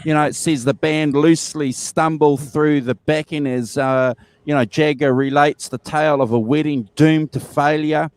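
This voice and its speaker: A man's voice: a little high, fairly even intonation, normal speed, hardly any pauses, clear, resonant tone, no room sound. A man, co-hosting a casual album review chat, enthusiastic and repeating himself with many fillers. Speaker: podcast co-host.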